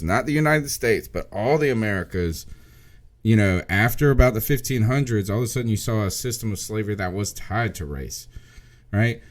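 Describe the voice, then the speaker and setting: A man with a somewhat low voice talks his way through ideas on a casual podcast. He rambles, gets worked up and swears freely, like a history teacher thinking out loud.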